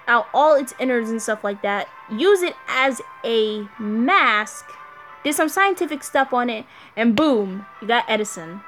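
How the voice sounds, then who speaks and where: A woman commenting over a game with a high, joking voice that breaks into giggles. Faint music plays behind her. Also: a bit bright. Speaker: game streamer.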